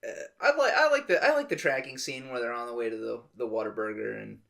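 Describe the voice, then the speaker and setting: A man with a gravelly, fry-heavy voice chats on a movie podcast. He is relaxed and hesitant and leans on fillers as he gathers his thoughts. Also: medium pitch, fast. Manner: laid-back, hesitant, lots of fillers. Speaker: podcast co-host. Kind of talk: casual movie-review chat.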